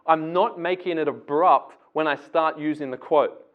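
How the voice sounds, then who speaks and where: A man's voice: a little high, normal speed. A man teaching English essay writing, explaining casually step by step. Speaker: English tutor. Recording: tinny phone-like sound.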